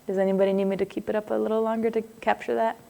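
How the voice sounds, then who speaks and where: A woman's voice: medium pitch, little pitch movement, rapid-fire, creaky, dark tone, a little hiss or hum. A woman, middle-aged, teaches a psychology class in a conversational, roundabout manner. She drifts into asides, laughs easily and keeps asking her students if they follow. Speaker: psychology lecturer. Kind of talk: live class lecture.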